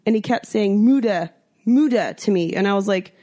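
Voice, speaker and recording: Animated young woman telling a story. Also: mid-range voice, fairly quick. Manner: animated storyteller, swears freely, acts out quotes. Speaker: podcast co-host. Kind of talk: casual chat.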